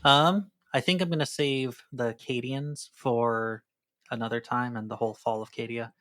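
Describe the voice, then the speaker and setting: A man acting as game master, relaxed, reading out loot plainly. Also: mid-range voice, moderate pace, no room sound, clean studio sound. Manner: relaxed, listing items plainly. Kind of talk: running a tabletop game.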